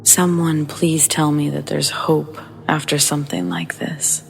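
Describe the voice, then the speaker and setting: Over faint music, a woman tells a scary story in a low, gravelly voice. Her delivery is slow and flat, hushed and somber throughout.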